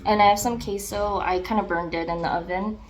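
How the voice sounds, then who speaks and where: A young woman talks casually to her viewers while eating at home. She is excitable and chatty, scattering filler words and hums of enjoyment between bites. Her voice sits at a middling pitch, with a faint hum of background noise. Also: fairly quick. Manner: chatty, filler-heavy, excitable, with chewing and "mm" sounds between remarks. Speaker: mukbang vlogger.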